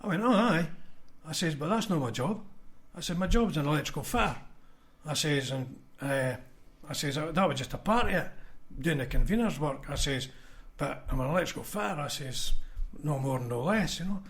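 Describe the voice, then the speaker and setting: With lively intonation at a normal pace, this Scottish man, formerly a union convener, sounds a little high and fairly bright. He tells blunt stories in a casual podcast chat, voicing the people he quotes.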